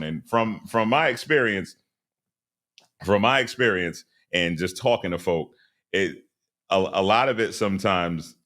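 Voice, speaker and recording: Low-voiced man sounding off on a podcast. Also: fairly bright tone. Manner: emphatic, preachy, acts out quoted people in a raised voice. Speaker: podcast host. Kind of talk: casual commentary podcast.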